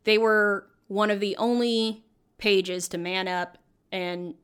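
A young woman talks as a guest on a casual podcast. She is eager and wanders between tangents. Her voice is smooth and resonant, with an ordinary pitch. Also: fairly even intonation, slow, a bit bright. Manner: enthusiastic, tangent-prone. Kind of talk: casual chat.

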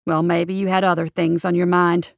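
A woman's voice: fairly low pitch, flat delivery, normal speed, gravelly, dry recording, clean studio sound, pitched below the performer's own voice. A woman voicing a scrappy, loyal male sidekick who talks in folksy slang, read for an audiobook. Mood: loyal, rough.

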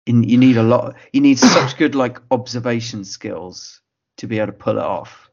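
A man's voice: medium pitch, normal speed, gravelly, a little mellow, muffled recording. A man co-hosting a film podcast who chats casually and drops wry, brief remarks. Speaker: podcast co-host.

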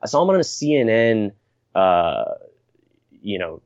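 A man's voice: on the low side, sing-song, measured pace, darkish tone, dry recording. Rambling young man, dry dull recording. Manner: rambling and blunt, with frequent laughs and restarts. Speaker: podcast host. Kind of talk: casual podcast chat.

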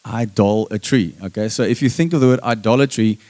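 A man's voice: on the low side, brisk, dark tone. Emphatic male preacher calling for amens. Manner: emphatic, calls for "Amen?" from the congregation. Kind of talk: sermon.

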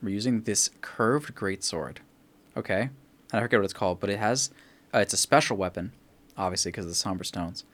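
A man's voice: on the low side, a little fast, a bit bright. A man chatting casually about video games, rambling and swearing as he acts out quotes from friends. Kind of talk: casual gaming chat.

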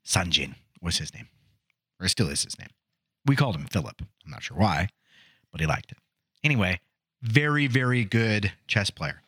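A man's voice: deep voice, lively intonation, normal speed, long pauses, fairly bright tone, slightly rough, no echo, clean studio sound. A middle-aged man co-hosting a podcast, joking around and telling stories in a casual chat. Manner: joking, storytelling. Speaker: podcast co-host.

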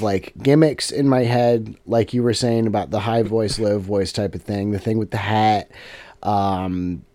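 A man co-hosting a podcast about running tabletop games, explaining his habits in a casual, animated, rambling way. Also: medium pitch, no room sound. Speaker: podcast co-host, game master.

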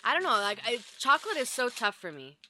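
A woman's voice: a little high, sing-song, quick pace, sharp tone, a little hiss or hum. A young woman doing a casual snack taste test, rambling with lots of fillers and swearing. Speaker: food taster.

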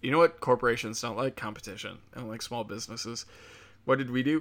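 A man's voice: mid-range voice, fast, a bit bright. A man ranting on his own show in a sarcastic, profane, heated way. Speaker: commentator. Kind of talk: casual political rant.

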